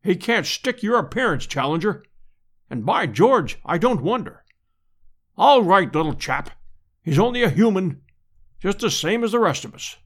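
A man's voice: high-pitched, very animated, moderate pace, long pauses, a bit bright, heavily acted. A man playing a bluff upper-class hunter. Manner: hearty, blunt, clipped upper-class slang. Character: bluff aristocratic English hunter, male, middle-aged.

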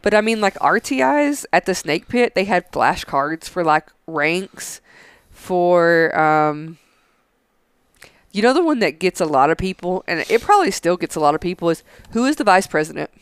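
Podcast co-host, man in his thirties, loose profane chat, crisp dry voice. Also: high voice, animated, moderate pace, a bit bright, dry recording. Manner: loose and profane, lots of "like" fillers. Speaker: podcast co-host, Air Force veteran. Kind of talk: casual chat.

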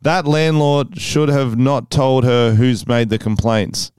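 Giggly male podcast co-host, crisp voice. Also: mid-range voice, slow, darkish tone, no echo. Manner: giggly, laughs often. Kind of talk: casual chat.

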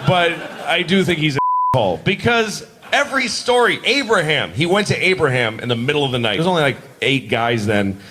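A man performing a stand-up comedy routine, mocking and animated, acting out characters in changing voices. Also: on the high side, a little fast. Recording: live club clip with crowd laughter and noise.

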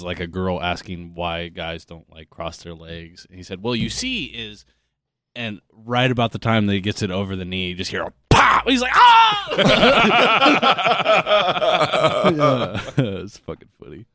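Male co-host, lowish voice with lively pitch, dry sound, quick crude quips. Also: dry recording. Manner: joking interjections, crude quips. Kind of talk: casual chat.

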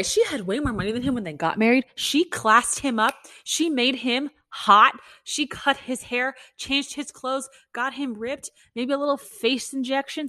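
A woman's voice: high-pitched, sharp tone, no room sound, studio quality. A young adult woman hosting a podcast, ranting bluntly in a casual chat, swearing freely and saying "like" a lot. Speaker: podcast host. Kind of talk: casual opinion rant.

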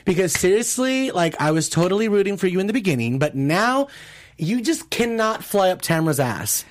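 A man hosting a casual gossip chat about reality TV, catty and animated, slipping into quick mimicked quotes. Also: high-pitched. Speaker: host.

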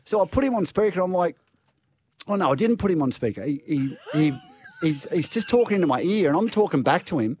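A man's voice: a little high, lively intonation, fast, a little mellow, a little hiss or hum. Rambling Australian radio guy. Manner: chatty, stumbling storyteller with restarts. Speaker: radio co-host. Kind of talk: casual radio banter.

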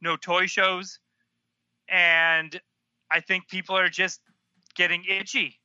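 High bright guy co-hosting a podcast, chimes in agreeing a lot, dry sound. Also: little pitch movement, slow pace, clear, resonant tone, dry recording, dull audio. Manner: agreeable, short replies, blunt jokes. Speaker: podcast co-host. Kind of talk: casual chat.

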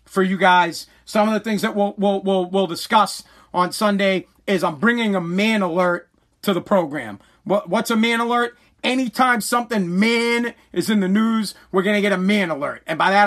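A man's voice: high-pitched, vocal fry, a bit bright. A man hosting a solo podcast, ranting in a profane, agitated way and stammering often. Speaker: podcast host.

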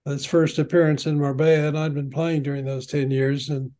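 An older man, a veteran padel player, tells long stories in an unhurried, rambling way, full of ums and restarts. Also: on the high side, level tone, warm tone. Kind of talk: conversational storytelling.

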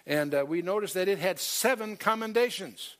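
This Bible study teacher has a high, somewhat bright voice with lively intonation and an even, moderate pace. He lectures with emphasis, quoting scripture in old King James phrasing, often stumbling over fillers and correcting himself.

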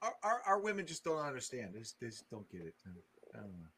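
A man hosts a casual sports podcast in a bright, forward voice that rises and falls a lot. He talks fast and stammers when excited. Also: mid-range voice, slightly rough. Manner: rapid, stammering, exuberant talk. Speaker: podcast host.

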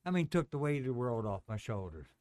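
Animated storytelling man, dry close mic. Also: quick pace, no room sound. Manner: animated, acts out quotes with loud high yelps. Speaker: guest. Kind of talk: casual storytelling.

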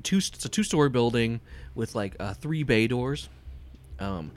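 A man's voice: medium pitch, expressive, a little slow. A man narrating a tabletop horror game as game master, describing scenes in a rambling, filler-heavy way.

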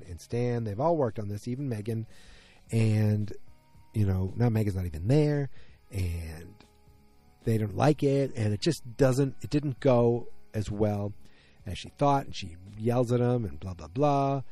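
A man's voice: on the low side, warm tone. A man casually recapping a TV episode, rambling and correcting himself mid-sentence in loose, slangy talk.

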